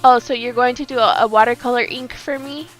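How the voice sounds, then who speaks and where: A woman's voice: a little high, fairly even intonation, a little fast, faint music behind. A woman streamer chatting casually on a live stream and thanking viewers by name.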